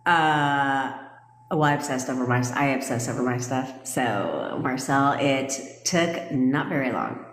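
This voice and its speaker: A woman's voice: a bass voice, expressive, a little slow. A woman coaching viewers in a casual livestream, blunt and profane and often laughing. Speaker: manifestation coach. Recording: echoey room with long reverb.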